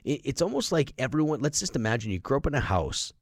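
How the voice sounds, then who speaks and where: A man's voice: medium pitch, sing-song, fast, no echo, clean studio sound. A middle-aged man hosting a podcast, speaking emphatically in a motivational monologue and acting out the voices of people he quotes. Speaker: podcast host.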